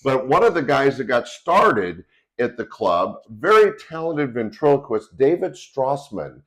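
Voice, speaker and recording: A man's voice: medium pitch, very animated, unhurried. A middle-aged male podcast host telling stories in a playful, casual chat. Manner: storytelling, playful.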